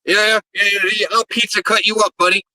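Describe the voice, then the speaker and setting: A man's voice: high voice, little pitch movement, quick pace, sharp tone, no room sound, poor audio. A man, a pro wrestler, cutting a brash, profane promo and rambling and stammering through interview answers.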